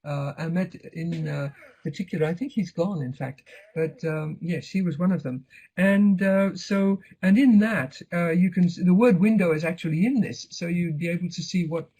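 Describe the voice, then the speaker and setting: A man co-tutoring a live online course, speaking in a relaxed way full of fillers, through a computer mic. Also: high-pitched, moderate pace, slightly rough, poor audio. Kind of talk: live online seminar talk.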